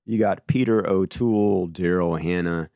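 Male podcast host, playful and bantering, lower voice, dry close recording. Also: moderate pace, mellow, dry recording. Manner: playful, role-plays a studio mogul. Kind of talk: casual chat about films.

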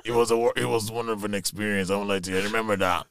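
A man's voice: on the low side, steady tone, rapid-fire, fairly bright tone, clear, resonant tone, no echo. A man, a guest telling rambling, laughing stories in a casual chat. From Ireland. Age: 30s. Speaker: podcast guest.

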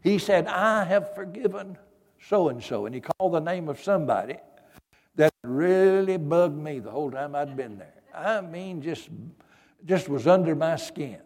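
A man's voice: fairly high pitch, animated, moderate pace, darkish tone. A man preaching a sermon, telling a personal story in a folksy, earnest way with many fillers. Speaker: pastor. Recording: long hall reverb.

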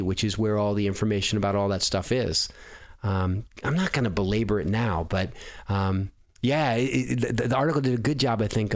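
A middle-aged man hosting a podcast, talking casually and earnestly, rambling with lots of fillers and restarts. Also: fairly low pitch. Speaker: podcast host.

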